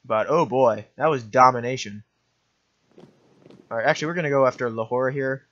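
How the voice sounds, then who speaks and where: A man's voice: medium pitch, a little fast, fairly bright tone, dull audio. A young man giving offhand, rambling commentary while playing a strategy game, often correcting himself. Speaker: gaming commentator. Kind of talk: let's play commentary.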